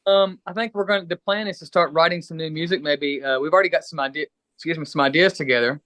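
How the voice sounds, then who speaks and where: A man's voice: fairly high pitch, fast talker, no echo. A middle-aged man from Kentucky, a musician guest chatting casually and a bit rambling in an interview. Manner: relaxed, rambling, friendly.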